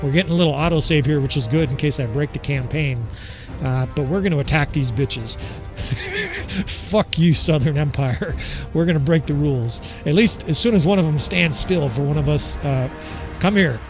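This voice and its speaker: A man's voice: fairly high pitch, brisk, over music. A man giving casual gameplay commentary as the channel host, candid and swearing freely, talking to viewers as fellas.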